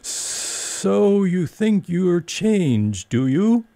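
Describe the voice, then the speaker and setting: A man's voice: high-pitched, big pitch swings, drawn-out words, vocal fry, dark tone, no echo, voice pushed up, exaggerated voice. A man voicing a stern, contemptuous male caterpillar in a storybook reading, drawling in a languid, sleepy way. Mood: languid, curt.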